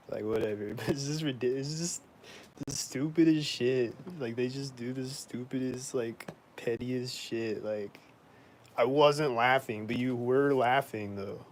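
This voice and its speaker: A man talks straight to camera in a loose, rambling vlog, complaining with indignant disbelief. His speech is full of "like" and casual swearing. His voice sits at an ordinary middle pitch, with a faint hiss of noise behind it. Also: fairly even intonation, measured pace, darkish tone, low-quality recording. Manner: rambling, heavy use of "like", frequent swearing. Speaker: vlogger.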